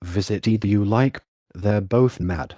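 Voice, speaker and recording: A calm, mysterious grinning cat of a storybook, as a synthetic male reader voices it. The voice sits low and sounds close and dry, with no room around it. It talks in an even, unhurried way. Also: dry recording, lo-fi sound. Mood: riddling.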